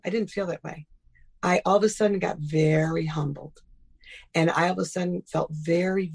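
Middle-aged woman, low gravelly voice, chatty storytelling, does the voices of people she quotes. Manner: animated, acts out quoted dialogue. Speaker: guest. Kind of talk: casual interview storytelling.

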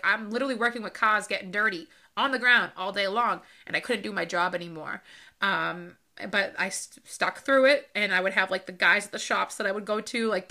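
A woman in her thirties talks through her own life story on a podcast. Her voice is bright and clear, and she speaks in a loose, unscripted way with many fillers. She sounds close to tears at times. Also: medium pitch. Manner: emotional, with frequent fillers and laughs. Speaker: podcast host. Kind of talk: personal storytelling monologue.

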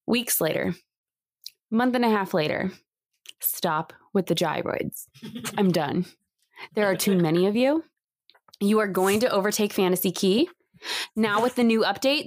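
A woman's voice: medium pitch, no echo. Woman, podcast co-host, playful ranter, dry close sound. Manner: animated, playful rants. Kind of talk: casual chat.

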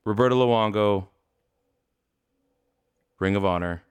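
A man co-hosting a casual sports talk show, animated and jokey, laughing often. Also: lowish voice, slow, smooth. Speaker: podcast co-host.

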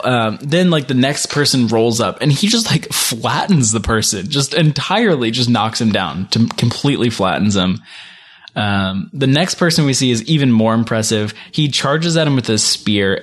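Guy chatting on a recap podcast, rambly, says like a ton, regular pitch. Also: lively intonation, normal speed, a bit bright. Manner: rambling, heavy use of "like" and "um". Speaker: podcast co-host recapping an episode. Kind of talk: casual chat.

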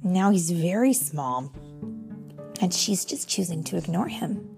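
A young woman reading a picture book aloud to a child, slow and expressive with gentle exclamations. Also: fairly low pitch, vocal fry, over music. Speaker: storybook reader.

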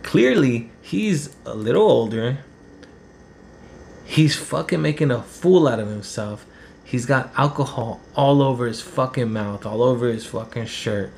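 A man's voice: medium pitch, measured pace, gravelly, a little mellow, a little hiss or hum. A man, telling a personal story in a rambling, heated, profane way. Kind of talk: casual storytelling.

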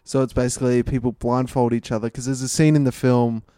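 A young man co-hosting a podcast in casual comedic chat, teasing his friend in a dry, deadpan way. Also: mid-range voice, fast talker, clean tone, dry recording. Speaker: podcast co-host. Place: indoors, in the same room as his co-host.

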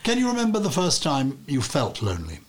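A man's voice: mid-range voice, huge pitch swings, brisk, slight background noise. A man interviewing a guest in a casual chat, asking playful, probing questions.

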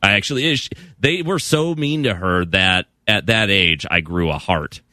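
A man's voice: low voice, animated, measured pace, pushed and bright, no room sound, studio quality. A man telling a sheepish, self-deprecating story in a casual chat.

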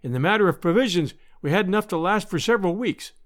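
A man narrating a classic adventure story in the first person, with expressive, measured storytelling. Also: high voice. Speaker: audiobook narrator. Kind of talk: scripted narration.

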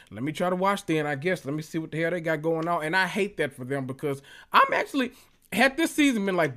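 Sassy, animated man hosting a podcast. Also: a little high. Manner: animated, profane, sassy, drawn-out emphasis. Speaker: podcast host. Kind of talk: casual solo podcast chat.

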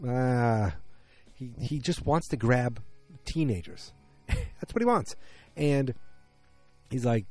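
A man's voice: medium pitch, animated, takes it slowly, pauses often, a little mellow, faint music behind. A man casually recapping a TV episode, rambling and correcting himself mid-sentence in loose, slangy talk.

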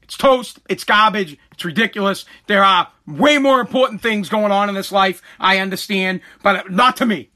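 A man's voice: high-pitched, moderate pace, few pauses, pushed and bright. A man hosting a solo podcast, ranting in a profane, agitated way and stammering often. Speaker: podcast host.

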